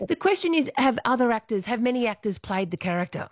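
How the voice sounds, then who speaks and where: A woman's voice: fairly high pitch, very animated, fast, no room sound, clean studio sound. A woman hosting a casual radio chat, playfully quizzing her guest. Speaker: radio host.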